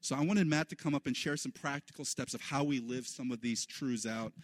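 A man preaching a sermon in an animated way, his voice leaping up high for the lines he quotes. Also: brisk, no echo. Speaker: pastor.

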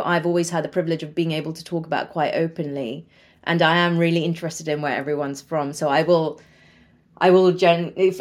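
Chatty woman with a lowish voice. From Sri Lanka. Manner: chatty, laughs often, many fillers. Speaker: guest, medical doctor. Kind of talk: casual podcast conversation.

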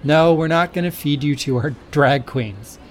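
A man's voice: a little high, normal speed, slight background noise, close to an everyday voice. A man voicing a stern, protective young woman in a storybook reading, speaking firmly and directly. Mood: indignant. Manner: firm and direct, turning indignant.

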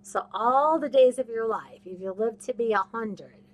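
A woman's voice: a little high, normal speed. A woman hosting a podcast, preaching to her listeners in an emphatic, repetitive way and slipping into other people's voices. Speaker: podcast host. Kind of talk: casual faith talk, preaching to listeners.

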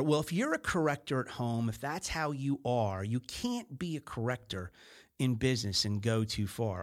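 A man's voice: medium pitch, very animated. A man hosting a talk show on sales, talking casually and rambling, with many fillers and restarts. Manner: mimics other voices in quick snippets. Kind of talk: casual monologue.

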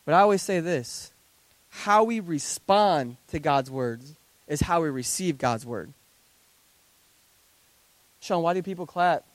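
A pastor in his thirties with a high, bright-sounding voice delivers an animated sermon to a church congregation. His delivery is conversational and peppered with joking asides, and the sound is close and dry with no room echo. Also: slow pace, long pauses. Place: church service before a congregation.

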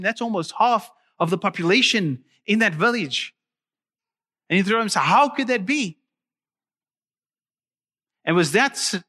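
A man's voice: sits high, bright, forceful tone. A man preaching a sermon to his congregation, emphatic and full of rising questions.

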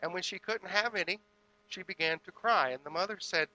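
A man giving a spiritual sermon in a measured, deliberate way, with pauses between phrases. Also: sits high, pushed and bright, dull audio. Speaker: spiritual speaker.

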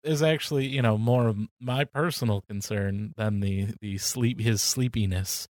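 A man co-hosting a political podcast, talking in a deliberate, dry way with wry jokes. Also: fairly low pitch, a little mellow, no echo. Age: older than co-host. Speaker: podcast co-host. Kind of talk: casual political chat.

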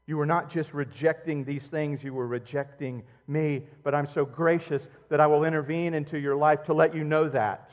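Animated preacher in a reverberant hall. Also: male voice, moderate pace, hardly any pauses. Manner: animated preaching, swinging between loud outbursts and quiet, low intimacy. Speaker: pastor. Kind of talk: sermon.

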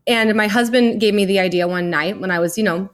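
A woman's voice: mid-range voice, fairly quick. A woman in her thirties, a podcast guest, telling her story in a chatty way with many "like"s. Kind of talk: casual interview.

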